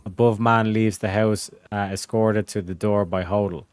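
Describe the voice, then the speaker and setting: A man's voice: lowish voice, fairly even intonation, clear, resonant tone, no room sound, studio quality. Profane young man reading files aloud. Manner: profane, halting, reads with fillers. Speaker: host reading case files. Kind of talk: casual chat reading transcripts aloud.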